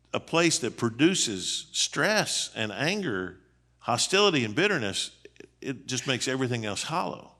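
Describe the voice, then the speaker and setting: A middle-aged man, a seminary dean, gives a conversational sermon on marriage in a church, folksy and emphatic and full of rhetorical questions. His voice is on the high side, bright, and forceful.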